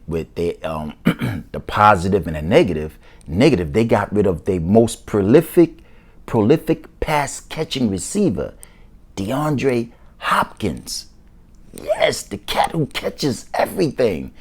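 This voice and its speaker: Excited deep-voiced football show host. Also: male voice, a little slow, breathy edge. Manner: excited, animated, slangy. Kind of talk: casual sports commentary.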